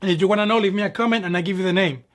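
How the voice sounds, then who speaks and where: His voice is high-pitched and racing as this young New York ballet dancer chats casually on his channel. He's animated, plays out dialogue, and calls the audience "my people."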